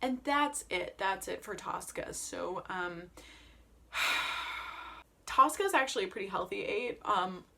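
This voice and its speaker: A woman chatting casually as an Enneagram coach, animated and emphatic, with playful jokey asides. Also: mid-range voice, slow, gravelly, pauses often. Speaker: Enneagram coach and opera vlogger. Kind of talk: casual vlog chat.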